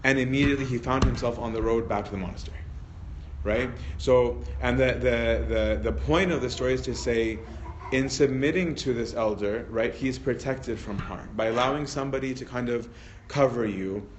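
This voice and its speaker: A man's voice: mid-range voice, normal speed, lo-fi sound, a little hiss or hum. Priest, male, mid-range voice, casual lecture delivery, keeps checking in with listeners. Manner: peppers sentences with tag questions and restarts. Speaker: priest teaching a Bible study. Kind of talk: conversational teaching talk.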